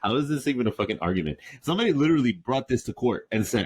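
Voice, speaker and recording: Guy cohost, talks quick, kinda husky, tosses out edgy questions deadpan. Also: mid-range voice. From New York. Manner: quick provocative questions, dry humor. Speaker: podcast co-host. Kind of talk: casual chat.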